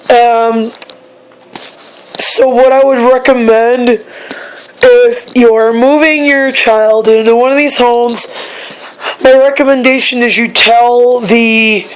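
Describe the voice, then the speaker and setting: A young woman with a slightly hoarse, fairly high voice talks in a casual personal vlog. She halts and repeats herself while searching for words, and the recording is rough.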